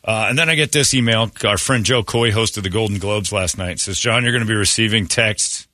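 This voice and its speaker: A man's voice: lowish voice, fairly quick, bright, forceful tone, dry recording. A man hosting a morning radio show, rambling through blunt, opinionated stories in casual chat from a studio mic.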